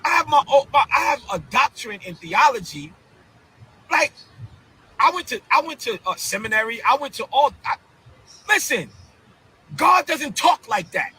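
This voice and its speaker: A man in a heated live-stream rant, talking like a preacher. His voice sits high and rings bright and sharp, and he keeps breaking into incredulous, repeated outbursts. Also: big pitch swings, normal speed, long pauses, slightly rough, poor audio. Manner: fiery, repetitive, confrontational preaching cadence. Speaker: bishop.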